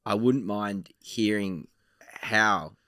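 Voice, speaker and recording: A man co-hosts a footy podcast with a playful, teasing manner. His voice is low but bright and tense, recorded dry. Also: very slow, no room sound. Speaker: podcast co-host. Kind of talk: casual podcast chat.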